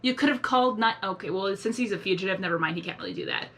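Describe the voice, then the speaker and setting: A woman hosting a casual live reaction video, talking excitably and rambling with many exclamations. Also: mid-range voice, racing.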